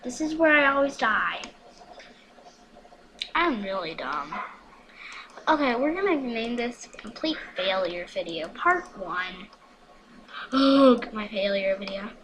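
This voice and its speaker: A woman's voice: fairly high pitch, lively intonation, slow pace, pauses often, noisy background. A woman recording casual gameplay commentary at home, hyper and chatty, with frequent whispered asides. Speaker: gaming vlogger.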